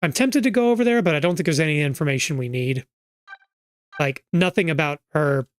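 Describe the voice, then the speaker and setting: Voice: medium pitch, fairly quick, dry recording. Wry streamer with a sore throat. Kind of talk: casual gameplay commentary.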